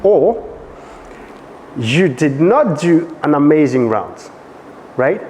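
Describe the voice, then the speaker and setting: A man with a French accent teaching a dance workshop, animated and often checking that students follow. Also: fairly high pitch, slow, in a large hall, slight background noise. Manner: animated, asks frequent check questions.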